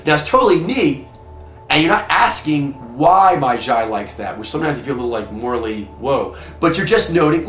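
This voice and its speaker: A man teaching a personality-type system in a casual, rambling way, often restarting and adding quick asides. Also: on the high side, lively intonation, fairly bright tone, reverberant. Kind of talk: casual explanatory talk.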